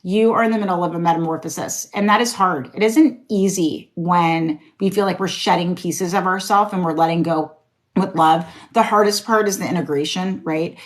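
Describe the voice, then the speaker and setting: A woman with a fairly low voice reads tarot cards live, calling out names and talking to her viewers in a relaxed way. She is encouraging and earnest, and she swears now and then. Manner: casual, encouraging, occasionally swears. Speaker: tarot reader. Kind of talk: live-stream card reading.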